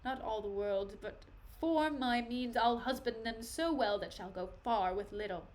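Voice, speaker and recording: A woman voicing a furious young nobleman who loudly demands vengeance, declaiming defiantly. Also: fairly high pitch, unhurried, close to an everyday voice. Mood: enraged.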